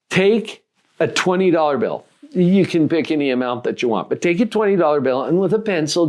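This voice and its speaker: High-voiced man, animated coaching talk. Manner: animated, acts out dialogue in different voices; asks the listener rhetorical questions. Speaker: life coach. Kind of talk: motivational teaching talk.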